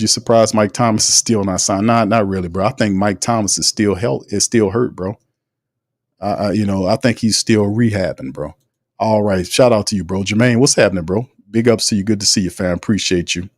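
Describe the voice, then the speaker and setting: A man hosting a casual sports commentary livestream, slangy and animated, greeting viewers in the chat. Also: fairly low pitch, a little fast, dry recording, clean studio sound. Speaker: host.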